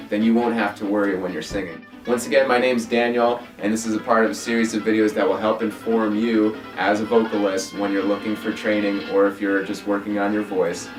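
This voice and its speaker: Lower-voiced man coaching singers. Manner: relaxed, conversational explaining. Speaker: vocal coach. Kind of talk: instructional video. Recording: roomy, from a distance off-mic.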